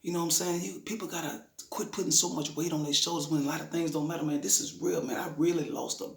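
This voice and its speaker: A man's voice: on the high side, steady tone, fast, creaky. A middle-aged man, a father telling an emotional personal story in a conversational, repetitive way. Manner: conversational, repeats himself, frequent "you know what I'm saying". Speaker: grieving father interviewee. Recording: roomy echoey room.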